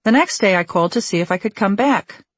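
A woman narrating a memoir audiobook in a measured, wry storytelling manner, recorded on a studio microphone. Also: medium pitch, lively intonation, husky, no room sound.

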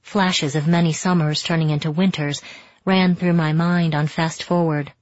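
A woman narrating a first-person romance novel in a steady, intimate storytelling manner. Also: low-pitched, dry recording, highs cut off. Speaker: audiobook narrator.

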